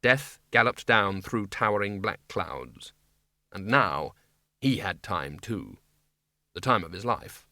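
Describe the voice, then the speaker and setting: Casting: male audiobook narrator, bright and lively, dry close sound. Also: lowish voice, slow pace, no echo. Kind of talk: scripted narration.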